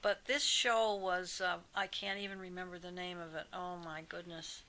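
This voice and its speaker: An older woman, a psychic medium, chatting in an interview and telling animated anecdotes with frequent asides. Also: fairly low pitch, normal speed, poor audio. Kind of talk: casual interview storytelling.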